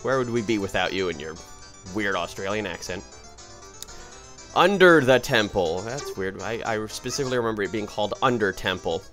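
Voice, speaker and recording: A man giving casual, rambling commentary over a video game he is playing, often correcting himself and breaking into excited outbursts. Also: on the low side, quick pace. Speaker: let's play host. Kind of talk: gameplay commentary. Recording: faint game music behind.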